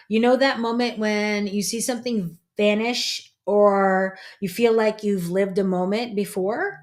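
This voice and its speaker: A woman's voice: medium pitch, slow pace. A woman, a psychic medium, hosting a casual livestream in a chatty, rambling way and greeting viewers by name.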